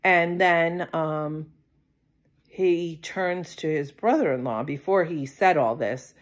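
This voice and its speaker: A woman's voice: low-pitched, slow. A middle-aged woman vlogging, telling a personal story in a rambling, casual way with lots of fillers and asides.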